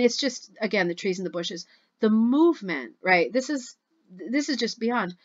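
A woman's voice: mid-range voice, a bit bright, muffled recording. A woman hosting a rug hooking club video, chatting at home in a gushing, chatty way as she reads and reacts to posts. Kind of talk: casual chat reviewing social media posts.

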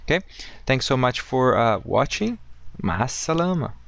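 A man teaching English in a casual video lesson, upbeat and friendly, slowing down to model each correct phrase. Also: medium pitch, very animated, creaky, fairly bright tone, a little hiss or hum.

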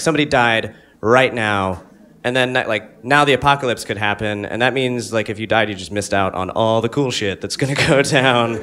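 Male stand-up comic, bright tone, rambling delivery, giggles between lines, stage mic in a club. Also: mid-range voice. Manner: rambling, giggles at his own jokes, loud mock voices. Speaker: stand-up comedian. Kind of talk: stand-up comedy set.

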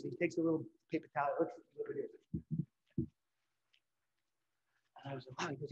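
A middle-aged man giving a live painting demonstration, telling lively anecdotes and acting out what others said. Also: fairly high pitch, a little fast, long pauses, reverberant, lo-fi sound. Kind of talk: storytelling during a live demonstration. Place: event hall.

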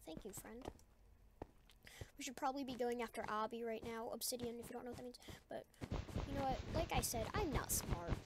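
A woman's voice: a little fast, heavy background noise. A woman giving goofy, rambling commentary while playing a video game, humming and singing to herself between remarks. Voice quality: high-pitched voice. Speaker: gaming video creator. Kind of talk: casual gameplay commentary. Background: loud background music.

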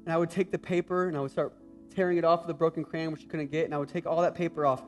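A young adult man preaching a sermon as pastor, animated, moving from loud exclaiming to a hushed tender tone. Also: fairly high pitch, very fast, faint music behind.

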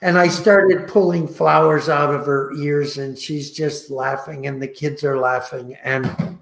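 An older man slowly telling heartfelt stories about his work, recorded on a video call. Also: a little high, steady tone, vocal fry, echoey room. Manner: slow, heartfelt, emotional anecdotes. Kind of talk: casual storytelling.

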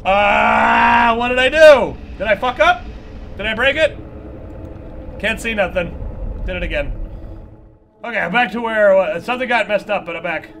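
A man's voice: sits high, moderate pace, vocal fry, long pauses, fairly bright tone, slight background noise. A man giving nervous, joking, profanity-laced commentary while playing a horror game. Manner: jumpy, swearing, nervous joking asides. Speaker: gaming channel host.

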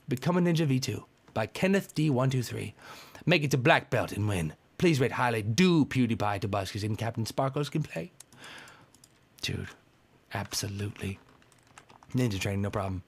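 A man giving excitable, frustrated commentary while playing a video game, yelping and ranting. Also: medium pitch, moderate pace, husky. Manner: excitable, frustrated, yelps and rants. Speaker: gamer. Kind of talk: gameplay commentary.

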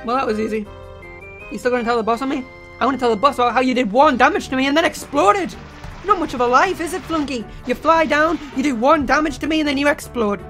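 A woman with a slightly high voice talks through a game she is playing, excitable and quick to shout and laugh at what happens on screen. She speaks close into a desk microphone at her computer. Faint game music plays underneath her voice. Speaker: let's play host. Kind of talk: gameplay commentary.

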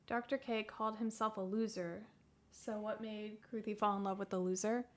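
Woman in her 30s answering chat on a stream, soft and hesitant, lots of ums, mid-pitched voice. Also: normal speed. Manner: soft-spoken, hesitant, many ums and restarts. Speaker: guest answering chat questions. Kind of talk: casual livestream Q&A.

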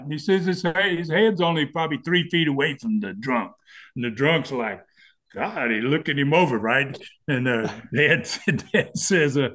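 A man's voice: a little high, a little slow. Laughing man telling stories. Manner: laughing animated storyteller, acts out voices. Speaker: guest wrestling storyteller. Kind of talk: casual storytelling chat.

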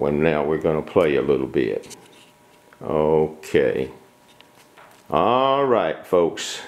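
A man with a very low, gravelly voice narrates a casual home video in his kitchen. He speaks slowly and coaxes puppies toward the camera, his tone easygoing and patient. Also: darkish tone. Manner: coaxing, talks to puppies. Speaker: dog breeder filming puppies.

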